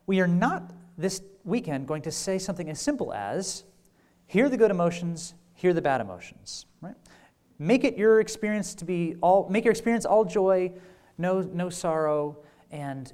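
A man's voice: sits high, a little mellow. Guy preaching a conference session, chatty, lots of uhs and "right?", dry jokes. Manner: conversational, with fillers and rhetorical "right?"; wry humor. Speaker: pastor. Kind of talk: conference teaching talk.

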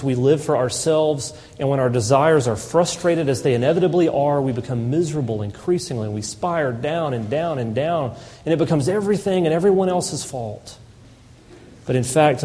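Pastor, male, mellow mid-high voice, impassioned sermon, long church reverb. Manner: impassioned preaching, mimics complainers in whiny voice. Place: church sanctuary.

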